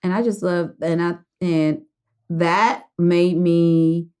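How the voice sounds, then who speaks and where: A woman's voice: fairly low pitch, fairly even intonation, takes it slowly, darkish tone, clean tone. A woman hosting a podcast who speaks in an affirming, emotional way and laughs often, with speech. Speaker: podcast host. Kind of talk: casual heartfelt interview.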